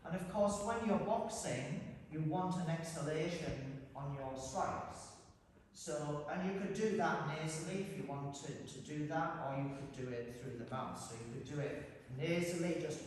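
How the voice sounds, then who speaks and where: A man's voice: a little high, unhurried, a little hiss or hum. A man in his sixties leading a breathing and boxing class, firmly repeating the rules. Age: 60s. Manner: firm, instructive, repeats rules. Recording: roomy hall, voice from far off.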